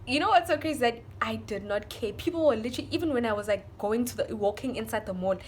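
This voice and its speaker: A young woman from South Africa, speaking in a South African accent, tells her viewers a story in an animated, emotional way. Her voice sits fairly high. A faint hiss of noise lies under the recording. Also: fast. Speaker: vlogger. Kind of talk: storytime vlog.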